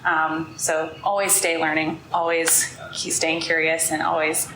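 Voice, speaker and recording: A woman's voice: sits low, flat delivery, unhurried, roomy sound, background noise. A woman earnestly sharing advice with a group, with many fillers. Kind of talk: casual talk to a group.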